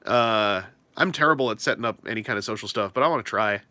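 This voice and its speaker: Streamer type: young guy, bright and animated, chatty and self-deprecating, close dry mic. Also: fairly low pitch, fast, dry recording. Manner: rambling, self-deprecating, lots of fillers. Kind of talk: casual livestream chat.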